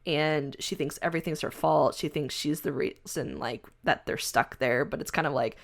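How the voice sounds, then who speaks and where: A woman's voice: low-pitched, moderate pace, gravelly. A woman co-hosting a podcast, recapping a comic storyline in casual chat and acting out characters' lines as she goes. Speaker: podcast co-host.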